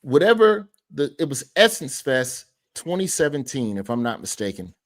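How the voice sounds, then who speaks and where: A man's voice: mid-range voice, moderate pace. Man, podcast guest; loose anecdote delivery, casual swearing. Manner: storytelling, animated, swears casually. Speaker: guest comedian.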